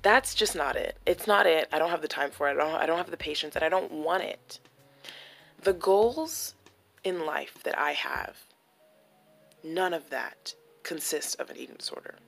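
A woman's voice: sits low, normal speed, vocal fry, fairly bright tone, faint music behind. A young woman talking candidly and emotionally in a personal vlog, with many "like" fillers. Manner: emotional, confessional, full of "like" fillers. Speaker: vlogger.

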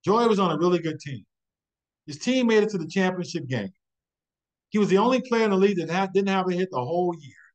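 A man presenting a webinar, telling a motivational story with a rhythmic, repeated refrain and building excitement. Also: high-pitched, fast talker, rough recording.

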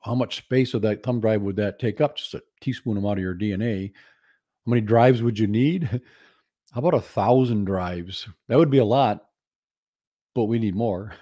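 A man's voice: fairly low pitch, moderate pace, warm tone, no echo, studio quality. A man giving a lecture presentation as a guest speaker, laying out numbered points with humour. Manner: humorous, lists numbered points.

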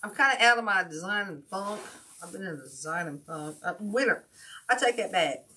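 A woman's voice: mid-range voice, lively intonation, brisk, pushed and bright. An older woman from Ohio hosting a casual craft livestream, chatty and folksy, greeting viewers by name. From Ohio, USA. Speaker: wreath-making livestream host.

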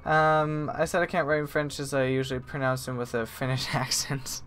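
A man's voice: medium pitch, level tone, a little fast. A man chatting through a live gameplay stream, rambling, correcting himself and grumbling at the game. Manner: chatty, self-correcting, mildly exasperated. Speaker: gaming streamer. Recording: game music behind.

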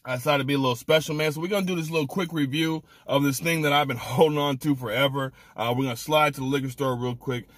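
A man's voice: mid-range voice, fairly even intonation, quick pace, hardly any pauses, no echo. A man hosting a casual snack review vlog, talking with slang and open emotion. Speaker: food reviewer host.

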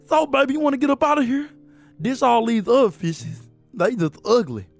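High-pitched excitable cartoon guy. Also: brisk, gravelly, faint music behind. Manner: loud, excitable, swears freely in slang. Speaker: cartoon creator voicing lead character K-Mo. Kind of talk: comedic cartoon voice acting.

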